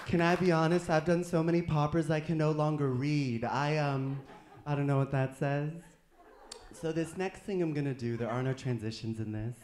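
Man, stand-up comic, live set, jokey self-mocking delivery, fairly high voice. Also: fairly even intonation, moderate pace, reverberant, a little hiss or hum. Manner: jokey, self-mocking, breaks into loud sung bits. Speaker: stand-up comedian. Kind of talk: live comedy set with songs and impressions. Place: live venue with audience.

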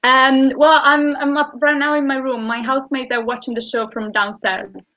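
A woman's voice: high voice, flat delivery, moderate pace, fairly bright tone. A woman, a guest choreographer, answering from her room at home, hesitant and full of fillers. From Italy. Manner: hesitant, many fillers while explaining. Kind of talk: casual interview answers. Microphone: video call. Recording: muffled video call audio.

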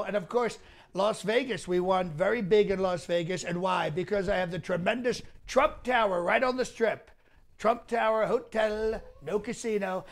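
A man's voice: high-pitched, creaky. A male comedian doing an impression of a boastful president, rambling and repeating himself in a mock press conference. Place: mock press room set.

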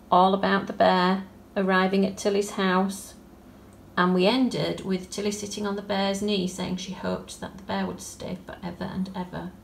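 A woman teacher reading a story aloud for young pupils and explaining it gently, with coaxing questions. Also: medium pitch, gravelly, echoey room, a little hiss or hum. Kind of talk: storytelling lesson for children.

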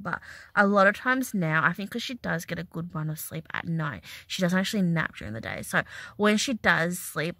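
A woman's voice: on the low side, vocal fry, bright, forceful tone. A young woman vlogging casually about her day as a mum, rambling with lots of "um" and "like". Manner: rambling, many fillers like 'um' and 'like'. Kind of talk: casual vlog chat.

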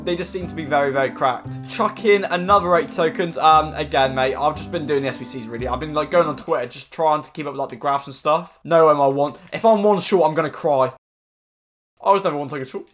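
Excitable young man, chatty and swearing. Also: a little high, quick pace, hardly any pauses, faint music behind. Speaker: gaming YouTuber. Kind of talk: casual pack-opening commentary.

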